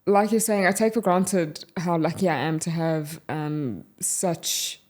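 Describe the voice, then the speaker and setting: A woman from South Africa with a South African English accent, co-hosting a podcast and talking frankly and in a measured way about her own experience. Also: lowish voice, darkish tone. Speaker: podcast co-host. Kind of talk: candid conversational podcast chat.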